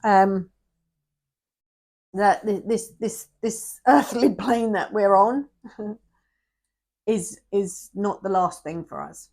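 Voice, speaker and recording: Slow, with long pauses and a darkish tone, a woman's mid-range voice carries a tarot reading delivered to the camera. Emotional and close to tears, she addresses the viewer directly and often drops into a whisper.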